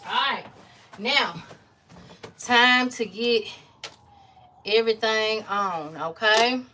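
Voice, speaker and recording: A woman, chatting casually to her viewers while she cooks in her home kitchen, folksy and quick to laugh. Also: on the high side, pushed and bright, slight background noise. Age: 30s. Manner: chatty, folksy, laughs often, Southern country slang. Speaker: cooking vlogger. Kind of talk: casual cooking chat to viewers.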